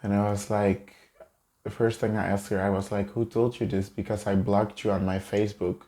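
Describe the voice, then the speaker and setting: A young man telling a personal story in a halting, choked-up way, close to tears. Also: lowish voice, flat delivery, warm tone. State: tearful. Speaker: vlogger. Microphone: camera mic, seated in a chair.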